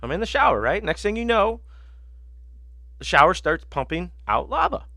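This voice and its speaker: A man's voice: sits high, very animated, normal speed, vocal fry, bright, forceful tone, no room sound, clean studio sound. A man hosting a sports betting podcast, telling rambling, profane stories in casual chat with lots of fillers.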